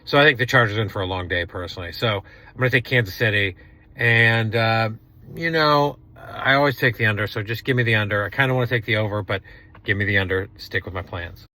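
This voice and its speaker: A man co-hosting a sports podcast, weighing his football picks out loud with some hesitation. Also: fairly low pitch, fast. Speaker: podcast co-host. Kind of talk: casual sports betting chat.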